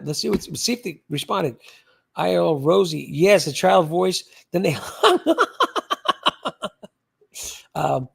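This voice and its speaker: A man's voice: a little high, gravelly, breathy edge. An older man hosting a livestream, chatting casually and rambling as he reads out viewer comments. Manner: chatty, rambling, repeats words. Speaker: livestream host.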